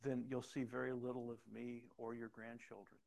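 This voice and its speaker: A man's voice: mid-range voice, level tone, moderate pace, creaky, darkish tone. A middle-aged man preaching a sermon, telling personal stories with many restarts and rising to emphatic calls to the congregation. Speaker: pastor.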